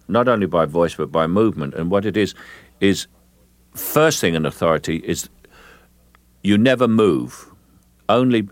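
Man with a deep voice, dry close sound, measured talk, keeps restarting sentences. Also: no echo. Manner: measured, explanatory, with frequent restarts. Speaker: actor guest. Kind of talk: interview answers.

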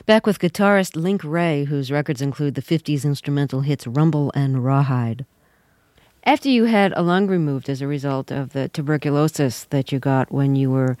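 A woman hosts a radio interview program and asks her guest clear, measured questions. Her voice is very low for a woman. The studio mic sounds close and dry. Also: darkish tone, no echo. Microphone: studio microphone.

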